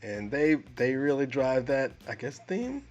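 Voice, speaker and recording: A man co-hosting a casual movie review podcast, animated, restarting his sentences often. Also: mid-range voice, unhurried, lo-fi sound, soft background music. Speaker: podcast co-host.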